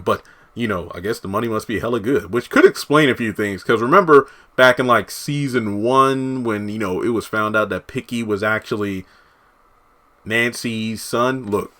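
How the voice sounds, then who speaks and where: Casting: male reviewer, bright tone, animated recap style with frequent asides. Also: mid-range voice. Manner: animated, talks in asides and acted-out quotes. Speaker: TV show reviewer. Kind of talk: casual recap commentary.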